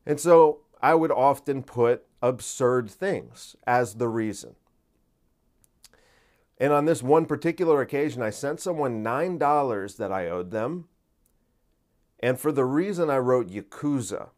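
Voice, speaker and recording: A man's voice: mid-range voice, lively intonation, a little slow, darkish tone. Laid-back man hosting a podcast. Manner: laid-back, rambling, swears casually. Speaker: podcast host. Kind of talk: casual monologue intro.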